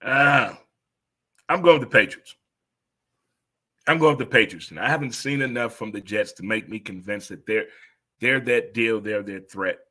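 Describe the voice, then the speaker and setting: Man in his fifties, sports talk host, bright forceful voice, rambling animated monologue. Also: moderate pace, long pauses. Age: 50s. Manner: animated, rambling, exclamatory with sudden high outbursts. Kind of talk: casual sports commentary monologue.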